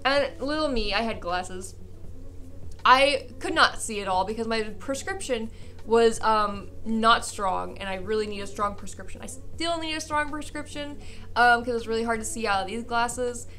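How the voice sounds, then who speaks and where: A young woman vlogger telling a funny personal story in a casual, animated way, acting out the people she quotes and laughing often. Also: a little high, moderate pace.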